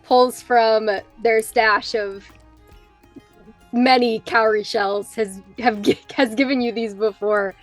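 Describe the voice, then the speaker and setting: Slow-talking woman player. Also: fairly high pitch, steady tone, soft background music. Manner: slow, hesitant, with fillers. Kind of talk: narrating her character in a tabletop game.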